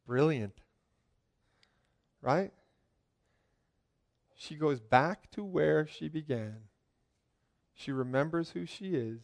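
A man preaching a lively sermon, joking with his congregation and asking them questions. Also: fairly high pitch. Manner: joking, asks the crowd questions, swings from loud calls to quiet asides.

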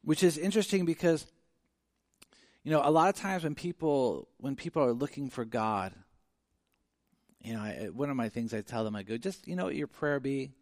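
A man's voice: mid-range voice, normal speed, long pauses, no room sound, studio quality. A man preaching a conversational sermon, telling stories with lots of fillers and acted-out asides. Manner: conversational, animated storytelling with many fillers. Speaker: pastor.

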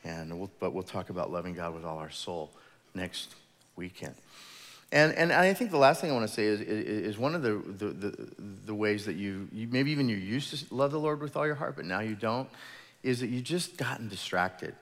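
A man who is a pastor, preaching a sermon in an animated storytelling manner, acting out the voices of people in his stories. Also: on the low side, normal speed. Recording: long hall reverb.

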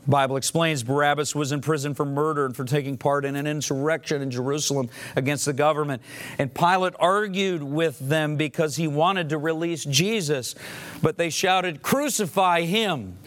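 A man's voice: fairly high pitch, steady tone, brisk. A man preaching a sermon, retelling scripture dramatically and acting out the quoted lines. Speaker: pastor.

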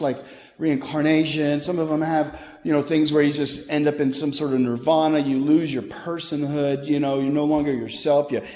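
The sermon comes from a pastor whose voice is a little mellow and somewhat high for a man. He speaks with earnest conviction, hitting emphatic highs between rapid, chatty asides, while the church sanctuary adds a long, lingering reverb.

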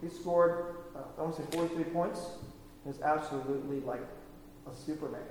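A man's voice: a little high, steady tone, a little fast, a little mellow, a little hiss or hum. A man preaching a sermon in a conversational, emphatic way, often checking in with the congregation. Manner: conversational, emphatic, frequent tag questions. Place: church sanctuary. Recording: echoey hall from far off.

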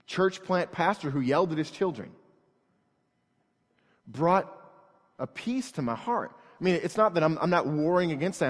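A man preaching a sermon from the front of a church, with a slightly raised pitch. He talks earnestly and conversationally, restarts his phrases, and moves between quiet asides and forceful emphasis. His voice rings out with a long hall reverb. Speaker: church plant pastor.

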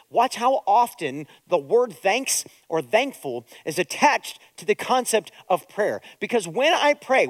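A middle-aged man preaching a sermon as a pastor, moving between quiet, hushed prayer and loud, urgent exhortation. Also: very high voice, no echo. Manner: preaching with strong swings between soft prayer and loud urging.

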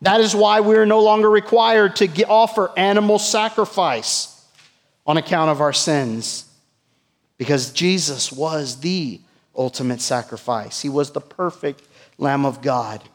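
Pastor preaching slowly in a reverberant hall. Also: male voice, on the high side. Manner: rises to emphatic peaks and drops to hushed asides, asks the church questions. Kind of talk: sermon.

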